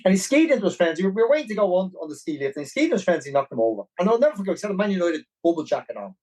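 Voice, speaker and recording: A man with a Dublin Irish accent, a podcast guest telling a long story in a rambling, animated way. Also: high-pitched, racing, poor audio. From Ireland. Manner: animated, rambling, with many restarts. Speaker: podcast guest, marathon runner. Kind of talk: casual storytelling.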